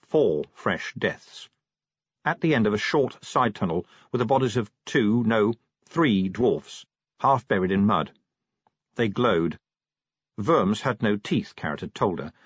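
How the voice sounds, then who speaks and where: A man narrating an audiobook with expressive storytelling and dramatic pauses. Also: lowish voice, slightly rough, no echo. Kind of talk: scripted narration. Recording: dull lo-fi dry recording.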